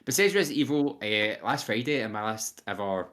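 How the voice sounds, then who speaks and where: This young co-host has a lowish, fairly bright voice and speaks expressively and fairly quickly. His casual podcast chat is enthusiastic and rambling, packed with fillers, and he animatedly quotes other people's voices.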